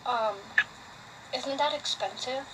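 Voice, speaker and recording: A woman on a phone call, talking softly and hesitantly with many fillers, sounding sympathetic. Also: high-pitched, slow, a loud crowd. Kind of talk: casual phone chat. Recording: phone call with loud background noise.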